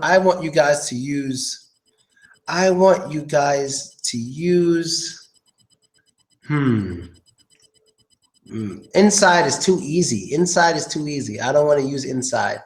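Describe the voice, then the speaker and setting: A man's voice: on the high side, reverberant. Casual joking man teaching English. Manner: casual, joking, thinks aloud. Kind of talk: live online English lesson.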